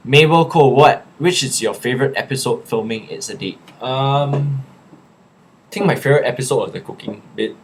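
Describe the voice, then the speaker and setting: A young Singaporean man in a casual live chat, reading viewers' questions aloud and answering them in a relaxed, chatty way. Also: medium pitch, normal speed, a little hiss or hum.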